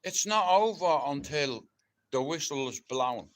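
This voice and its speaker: A middle-aged Irish man chatting on a live stream, rough-spoken and swearing heavily, and loud and ranting once he gets fired up. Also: fairly high pitch, animated, unhurried. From Ireland. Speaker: livestreamer. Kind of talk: casual live-stream chat.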